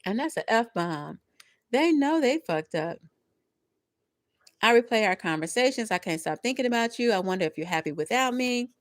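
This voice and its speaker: Animated laughing woman tarot reader. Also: a little high, normal speed, dry recording. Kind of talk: live tarot reading.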